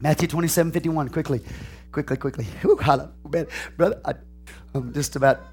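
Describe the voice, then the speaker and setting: A male pastor preaching a sermon, dropping to hushed asides and rising to shouted, repetitive call-and-response lines. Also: fairly high pitch, quick pace, breathy edge, soft background music. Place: church sanctuary.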